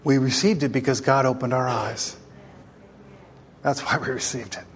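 A man's voice: mid-range voice, fairly even intonation, moderate pace. A man preaching a sermon to a congregation, emphatic and full of rhetorical questions. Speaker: pastor. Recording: long hall reverb.

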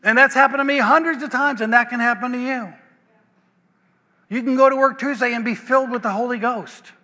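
An older male pastor preaches in a loose, conversational way, often repeating himself and asking his listeners "right?". His voice sits high and sounds bright and forceful. It carries through a long, ringing hall reverb. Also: fairly even intonation, fairly quick. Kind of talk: sermon.

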